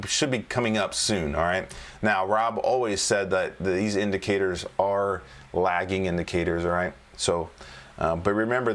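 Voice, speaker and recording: A man's voice: low voice, fairly bright tone. A man hosting a casual trading livestream as a coach, talking loosely and repeating himself while coaxing viewers to answer in the chat. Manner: loose and repetitive, coaxing the chat with "all right?". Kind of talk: casual live-stream market commentary.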